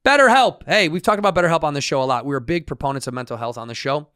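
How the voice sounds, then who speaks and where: A man's voice: a little high, fast, clean tone, dry recording, studio quality. A man co-hosting a podcast, joking around and reading ad spots in a casual, playful way. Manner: jokey, puts on loud goofy voices. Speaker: podcast co-host. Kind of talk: casual podcast banter and ad reads.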